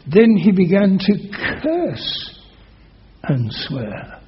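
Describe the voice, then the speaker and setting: A male preacher delivers a sermon, telling a scripture story with dramatic emphasis and loud quoted oaths. His voice sits fairly high. The recording sounds dull and lo-fi. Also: big pitch swings, takes it slowly.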